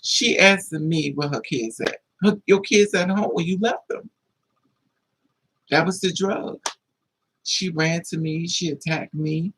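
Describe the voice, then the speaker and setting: A man's voice: on the high side, takes it slowly, fairly bright tone, a little hiss or hum, rough recording. A man hosting a livestream tells a personal story to his viewers, casual, blunt and profane, with a lot of feeling in it. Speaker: livestream host.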